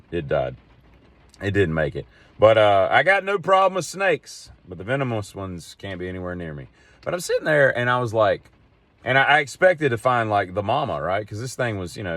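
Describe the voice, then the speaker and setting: A man's voice: sits low, dry recording. A middle-aged man, talking in a rambling, wry monologue as a podcast host. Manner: digressive storyteller, wry and exasperated.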